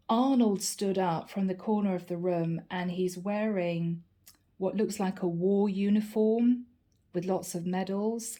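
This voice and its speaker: A woman's voice: mid-range voice, fairly even intonation, measured pace, dark tone. A woman giving a channeled tarot reading to her viewers, earnest and encouraging, often repeating her key phrases. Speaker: tarot reader.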